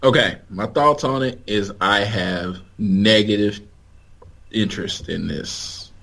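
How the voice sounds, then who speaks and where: A man's voice: fairly low pitch, slow, gravelly, fairly bright tone. A man co-hosting a podcast, chatting in a laid-back way and giving blunt opinions. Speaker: podcast co-host. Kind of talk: casual chat.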